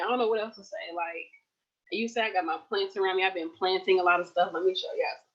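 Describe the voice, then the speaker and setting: A woman in her late twenties chatting casually and warmly to her livestream viewers, calling them y'all. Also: on the low side, steady tone, quick pace, highs cut off. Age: late 20s. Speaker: nurse vlogger. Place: at home.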